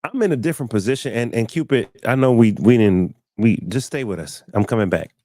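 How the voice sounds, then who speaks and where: A man's voice: mid-range voice, expressive, brisk, dark tone, dry recording, studio quality. A man hosting a casual live-stream talk show, telling stories and acting out what other people said, often repeating words as he finds his thought. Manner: storytelling, acting out quoted people.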